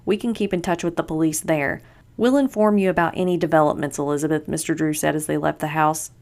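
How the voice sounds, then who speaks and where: A woman's voice: low-pitched, fairly even intonation, quick pace, a little mellow. A young woman podcast host reading a mystery book aloud, lightly acting out the dialogue. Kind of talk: storybook read-aloud with character voices.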